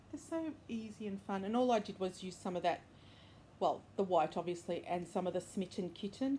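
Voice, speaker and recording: A woman at a middle pitch chats about her crochet projects in a rambling, upbeat way, full of fillers and quick self-corrections. She sounds casual and enthusiastic, with a faint hiss of background noise behind her. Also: dark tone. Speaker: crochet and knitting podcast host. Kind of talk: casual show-and-tell chat. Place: indoors at home, bedroom.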